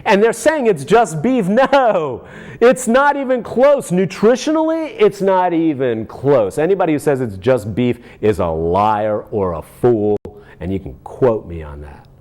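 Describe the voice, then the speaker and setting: A man's voice: medium pitch, expressive, unhurried, a little mellow. A man hosting a talk show, ranting with sarcasm and firing off rhetorical questions. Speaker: podcast host. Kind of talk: ranting commentary.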